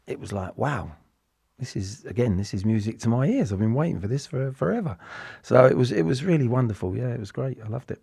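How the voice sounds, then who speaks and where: Gravelly English man in his sixties. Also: medium pitch, lively intonation, a little fast, warm tone, dry recording, studio quality. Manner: rambling, with frequent restarts and repeated words. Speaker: interview guest, former footballer. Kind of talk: casual reflective interview talk.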